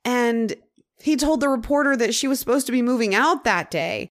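A young adult woman hosting a podcast, telling a true-crime story in a casual, chatty way. She uses many "like" fillers and drops into dramatic pauses. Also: a little high, animated. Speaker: podcast host.

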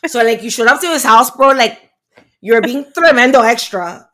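A woman putting on a loud, brash Miami-accented housewife. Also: a little high, animated, normal speed. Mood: mocking. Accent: Miami, Kendall. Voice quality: loud, drawling, slangy. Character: brash young Miami woman, a TV personality impression.

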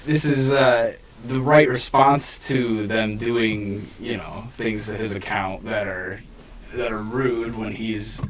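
A man's voice: fairly low pitch, fairly bright tone, far from the mic. A man co-hosting a podcast in casual chat, rambling and hedging with frequent restarts and filler words. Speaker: podcast co-host. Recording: voice a bit off the mic.

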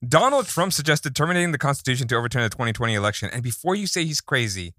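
A man reading out comedy jokes in a casual writers' room, with a deadpan delivery that breaks into laughs. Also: mid-range voice, very fast, dry recording, studio quality.

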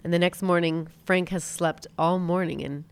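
Lage stem, vrouw die een film navertelt. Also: female voice, fairly low pitch, normal speed, clean tone. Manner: animated retelling, acts out lines. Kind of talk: casual movie recap chat.

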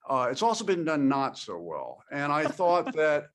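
A male actor giving thoughtful interview answers, pausing and restarting often as he works out his thoughts. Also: fairly high pitch, wildly swooping pitch. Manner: thoughtful, halting, with many restarts.

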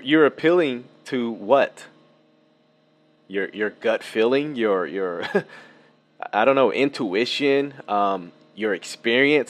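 A man hosting a casual reaction commentary, animated and laughing, with many fillers and restarts, a lawn mower buzzing behind him. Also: fairly low pitch. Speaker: video commentator. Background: lawn mower buzz.

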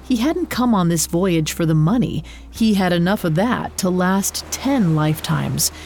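A woman reading a scripted story in a measured, expressive narrating voice. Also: fairly low pitch, a little hiss or hum.

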